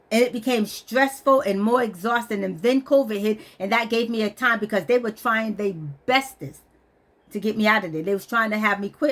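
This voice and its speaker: A woman's voice: a little high, normal speed. A woman venting bluntly on a vlog, stressed and weepy, swearing as she talks. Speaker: vlogger. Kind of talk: emotional personal vent.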